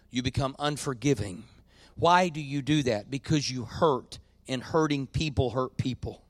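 A man's voice: medium pitch, dry recording. Preaching man, dry close sound. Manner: swings from quiet confiding to loud preaching peaks. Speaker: pastor. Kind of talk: sermon.

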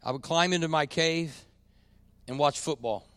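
Guy preaching a sermon, pretty high voice, folksy, goes quiet then loud. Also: normal speed, no room sound. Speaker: pastor. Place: church.

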